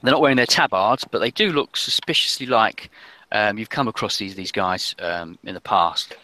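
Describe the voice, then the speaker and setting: A man running a tabletop role-playing game, narrating in a halting, meandering way. His voice is low but bright and forceful, and the recording is dry and close. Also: dry recording. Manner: meandering, hesitant with many ums and restarts. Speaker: game master.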